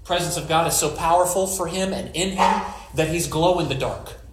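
A man's voice: fairly high pitch, moderate pace, reverberant, very noisy. A male pastor giving a conversational sermon, retelling scripture with jokes and storytelling asides.

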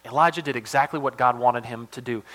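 Male pastor, sermon delivery, bright tone, animated with dynamic swings. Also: medium pitch, quick pace. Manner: animated, swings from loud emphasis to hushed asides.

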